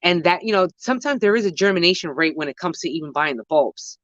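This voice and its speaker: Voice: medium pitch, animated, fast talker, fairly bright tone, dry recording. Slangy new gardener rambling outside on a phone cam, kinda muffled lo-fi sound. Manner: rambling, slangy, self-correcting. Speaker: gardening vlogger answering viewer questions. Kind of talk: casual chat. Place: outdoor home garden. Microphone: handheld phone camera while walking.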